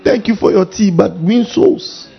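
A husky male pastor preaching with a lively, swooping delivery and a fairly high voice. He switches into comic voices to mimic people. The recording sounds dull and lo-fi. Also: unhurried. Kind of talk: sermon.

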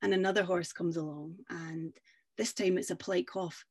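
A woman storyteller recounting a folk tale aloud. Her delivery is lively and conversational, with the odd pause or filler. She sounds like live oral storytelling. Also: lowish voice, breathy edge. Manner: lively, conversational, with some hesitations.

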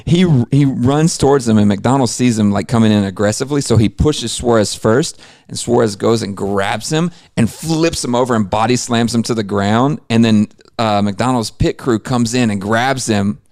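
A man's voice: medium pitch, moderate pace, few pauses, a little mellow, dry recording, studio quality. A man co-hosting a live podcast, telling stories in a laid-back way and often repeating words as he talks. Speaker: podcast co-host. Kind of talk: casual live podcast chat.

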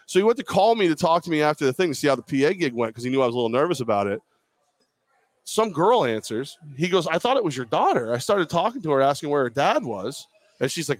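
A man's voice: on the high side, big pitch swings, quick pace, no room sound. A man co-hosting a live podcast, telling a long self-deprecating story in casual chat. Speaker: podcast co-host. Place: bar or venue, live show.

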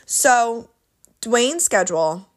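A woman's voice: fairly high pitch, expressive, drawn-out words. A young woman hosting a solo podcast, talking candidly in a chatty, rambling way, full of "like" and self-corrections. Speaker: podcast host.

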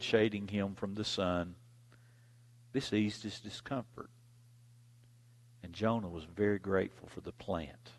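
A male preacher reading scripture and telling a story in a sermon, with dramatic swings in loudness. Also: on the low side. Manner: dramatic, dynamic delivery, big swings in loudness.

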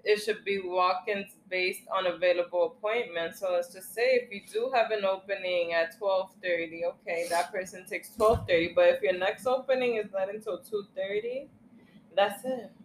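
A woman's voice: medium pitch, normal speed, slight background noise. A young woman co-hosting a casual chat, using slang and laughing easily. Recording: echoey room.

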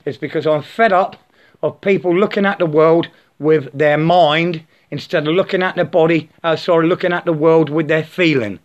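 A man rambling in a spiritual monologue, stammering and repeating words, sometimes breaking into slow chanted nonsense syllables. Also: fairly high pitch. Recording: slightly dull lo-fi recording.

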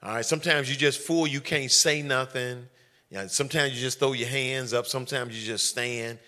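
A man's voice: medium pitch, steady tone, moderate pace, pushed and bright. A man preaching as a pastor, teaching and reading scripture with frequent "all right" and "watch this" to the congregation. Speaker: senior pastor. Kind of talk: teaching sermon during corporate prayer.

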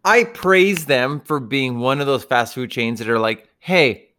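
A man's voice: mid-range voice, lively intonation, unhurried, a bit bright, smooth. A man in casual chat over a video call, swearing freely and telling rambling stories. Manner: profane, rambling storyteller.

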